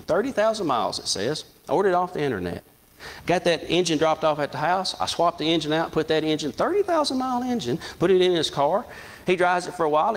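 Middle-aged guy preaching, folksy and repetitive, voice jumps up and down a lot. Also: fairly high pitch. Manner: storytelling, repeats himself, folksy. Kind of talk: sermon.

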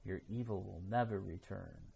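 A man's voice: low-pitched, moderate pace, gravelly, mellow. A man reading the part of a stubborn young ninja who has become a ghost, in an earnest storybook voice. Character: determined young male ninja hero turned ghost. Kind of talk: reading a children's storybook aloud.

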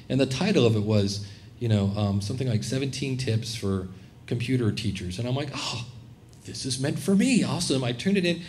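A middle-aged man speaking to a live audience at a conference, in a medium voice. He talks casually and animatedly, acting out quoted voices as he goes. A faint low rumble sits under the recording. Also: a little mellow. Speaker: conference presenter. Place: conference room, live session.

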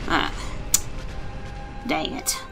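A woman hosting a let's play, excitable and swearing, often laughing as she plays. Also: very slow, over music. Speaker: gaming let's-play host. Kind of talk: casual game commentary.

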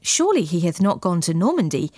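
A woman narrator voicing an eager young man in an old tale, quick in archaic speech. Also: on the low side, big pitch swings, mellow, no room sound, studio quality.

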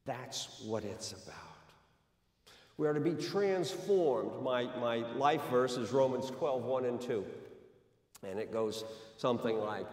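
A man's voice: mid-range voice, measured pace, darkish tone. A man preaching a sermon in a conversational way, with frequent restarts and light asides. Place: church sanctuary. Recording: echoey hall, mic from far off.

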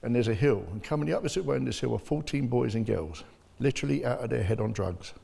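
Speaking fast and expressively, an older bereaved father tells his personal story bluntly as an interview guest. His mid-range voice is gravelly and mellow with a breathy edge, heard in a long, hall-like reverb.

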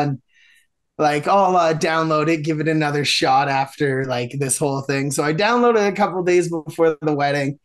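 A man's voice: fairly high pitch, moderate pace. A man, a podcast guest, telling a long dating story in a casual, rambling way with many fillers and restarts.

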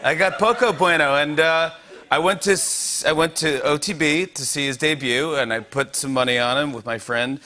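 A man in his forties hosts a late-night talk show from a TV studio. His voice is bright and forceful and sits a little high, and he laughs his way through stories, acting out each person's lines. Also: moderate pace. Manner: animated storyteller, acts out quoted voices, laughs often.

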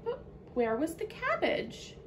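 A woman teacher reading a children's picture book aloud to young listeners, in an expressive storytelling manner. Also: very high-pitched, takes it slowly, background noise.

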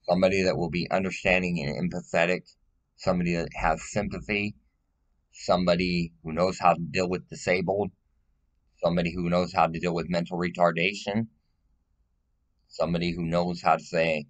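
Blunt, low-voiced man pleading. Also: level tone, brisk. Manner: blunt, profane, rambling; emotional, pleading. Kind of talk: casual personal monologue.

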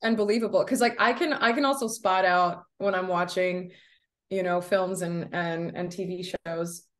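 A young actress from the States talks casually in an interview. She is chatty and leans on fillers like "like" and "um". Her voice sits a little low. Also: fairly even intonation, normal speed. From United States. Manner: chatty, many fillers, laughs often.

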